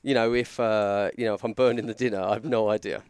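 A man's voice: lowish voice, steady tone, quick pace, a little mellow, clean tone, no room sound, clean studio sound. A man, telling a wrestling story on a podcast in a rambling, self-mocking way. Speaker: podcast co-host, former wrestler. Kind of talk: casual storytelling chat.

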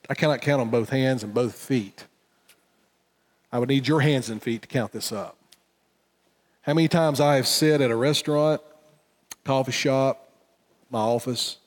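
A pastor giving an earnest sermon, swinging between loud emphatic lines and hushed, low ones. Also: male voice. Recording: church hall reverb.

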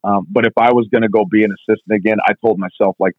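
A strength coach being interviewed, telling stories in a fast, casual way full of "like". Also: male voice, lowish voice, steady tone, no echo. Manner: fast, filler-heavy, constant "like". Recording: tinny phone-like line, dry.

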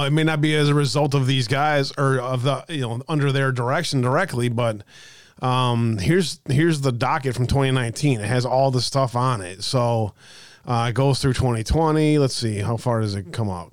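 A man's voice: mid-range voice, normal speed, no echo. Casual, chatty man on a dry mic. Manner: loose and chatty, with fillers and asides to viewers. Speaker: livestream host. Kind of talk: casual commentary over played clips.

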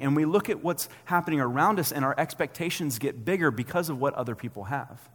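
A man in his thirties preaching a sermon as a pastor, talking conversationally and acting out quotes in an animated way. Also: on the high side, fast talker, few pauses, in a large hall.

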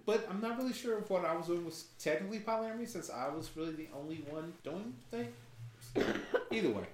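Male podcast host, animated and jokey, echoey room. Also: high voice, brisk. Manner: lively, joking, laughs often. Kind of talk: casual podcast banter. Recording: roomy echo, faint noise.

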